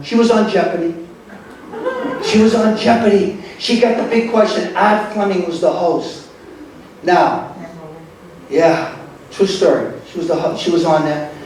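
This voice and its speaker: A man telling comedy stories on stage in a club, animated, with quick asides to the crowd. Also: on the high side, a little hiss or hum. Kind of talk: stand-up comedy. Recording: echoey club from far off.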